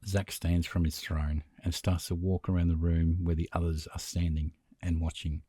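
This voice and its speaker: A man narrating a horror story script in a steady, measured way. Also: sits low, slightly rough, no echo.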